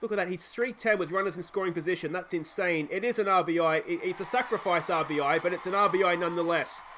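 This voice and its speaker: An Australian man giving excited play-by-play commentary as he plays a baseball game, getting loud on big hits. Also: high voice, quick pace, a little hiss or hum. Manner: fan-style play-by-play, shouting on big hits. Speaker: let's play host.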